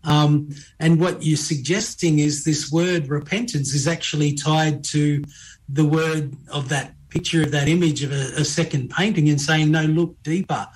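A man's voice: fairly high pitch, fairly even intonation, moderate pace, low-quality recording. A man, a pastor hosting a conversational faith interview, earnest and probing with frequent restarts. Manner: earnest, restarts often, asks probing questions. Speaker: pastor and podcast host.

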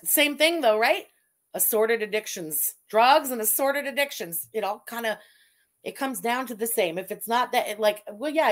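A young adult woman hosting a casual livestream, talking bluntly and swearing freely. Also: mid-range voice. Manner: blunt, profane and animated. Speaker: streamer host.

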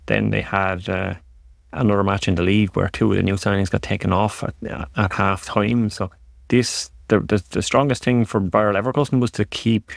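Male podcast host, very gravelly and deep, rambling football chat with restarts. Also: flat delivery, normal speed, dry recording, clean studio sound. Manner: rambling, many restarts and repeated words. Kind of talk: casual football analysis chat.

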